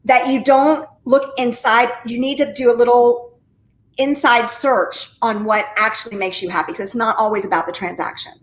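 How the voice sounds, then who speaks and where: A high-pitched woman tells her story with enthusiastic, high-energy drive. She is a real estate agent and an interview guest, chatting casually. Her voice bounces around a roomy, echoing space. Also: steady tone, moderate pace. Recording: roomy echo.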